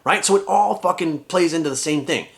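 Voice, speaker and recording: Fast-talking man venting in a rant. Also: fairly high pitch. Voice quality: profane, heated and rapid-fire. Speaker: fitness trainer and vlogger. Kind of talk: ranting vlog monologue.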